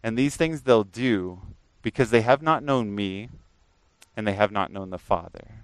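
A man preaching a sermon earnestly, rising to emphatic peaks and dropping to a quiet, prayerful tone. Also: fairly low pitch, measured pace, clean tone, no echo, poor audio.

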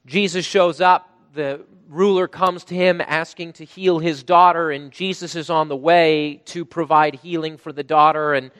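A man preaching a sermon, emphatic, rising to loud bursts when he quotes. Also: a little high, fairly even intonation, moderate pace, few pauses, smooth, no echo, long reverb tail. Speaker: pastor.

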